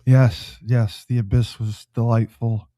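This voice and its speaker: A man hosting a comedic political talk show, talking in a low, mock-menacing deadpan tone and reading news items aloud. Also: unhurried, dry recording. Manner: reads news headlines aloud.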